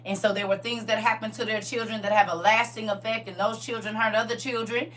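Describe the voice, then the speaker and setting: A woman's voice: a little high, level tone, brisk, a bit bright, distant mic. A woman teaching a livestreamed Bible study, reading scripture aloud and talking to her viewers directly in a casual, preachy way.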